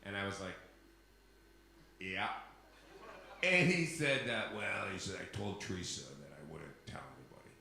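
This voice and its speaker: A man's voice: fairly low pitch, lively intonation, moderate pace, gravelly, long pauses, bright, forceful tone, very echoey. A man telling a comic story on stage, swearing freely, acting out the people he quotes and laughing at his own punchlines. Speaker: solo stage performer.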